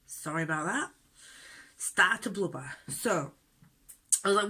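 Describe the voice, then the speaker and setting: A woman's voice: lowish voice, animated, slow pace, pauses often, sharp tone, breathy edge. A woman vlogging at home while doing her makeup, telling an upsetting story candidly and indignantly with lots of fillers. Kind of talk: unedited get-ready-with-me rant.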